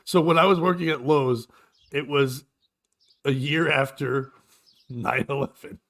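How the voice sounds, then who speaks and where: A man hosting a morning talk show, telling a profane, animated story in a casual chat. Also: mid-range voice, measured pace. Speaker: show host and comedian.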